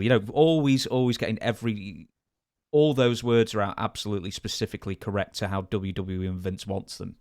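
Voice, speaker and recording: A man's voice: fairly low pitch, fairly even intonation, fairly quick, darkish tone, no echo, clean studio sound. A man co-hosting a podcast, asking questions with stammering restarts. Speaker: podcast co-host and interviewer. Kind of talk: casual interview questions.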